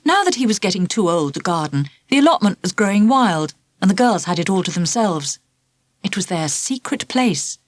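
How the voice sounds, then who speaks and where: A woman reads a children's storybook aloud in an expressive, animated way, her voice rising and falling freely through the scenes. The recording is close and dry, with no room sound. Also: lowish voice, dry recording. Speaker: audiobook narrator. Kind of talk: scripted storybook narration.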